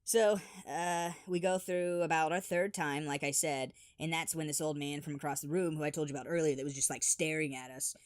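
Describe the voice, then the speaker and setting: A man telling funny childhood stories in an animated, exaggerated voice-over. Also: on the high side, brisk, hardly any pauses, smooth, no echo, clean studio sound. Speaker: storyteller. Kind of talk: animated comedic storytelling.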